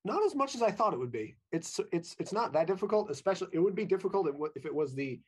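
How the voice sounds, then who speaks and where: A man's voice: sits high, big pitch swings, fast talker, slightly rough. A young man, a stage actor answering interview questions briefly and modestly. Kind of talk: interview guest.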